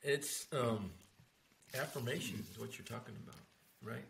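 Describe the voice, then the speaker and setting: Male host, heavy vocal fry, roomy echo, faint background hiss, rambling questions. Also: mid-range voice, normal speed. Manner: affirming, rambling follow-up questions. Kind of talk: interview.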